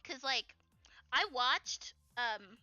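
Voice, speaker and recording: A young adult woman chatting casually while she draws on a live stream, rambling in an animated way with lots of fillers and giggles. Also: sits high, extremely slow, no room sound, muffled recording, soft background music. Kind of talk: casual chat while drawing.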